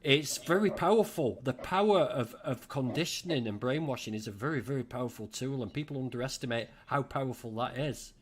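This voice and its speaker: Middle-aged English male host, casual and animated, reads viewer comments with jokes. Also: mid-range voice, a little fast, hardly any pauses, husky. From England. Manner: chatty, animated, jokey asides. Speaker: livestream host.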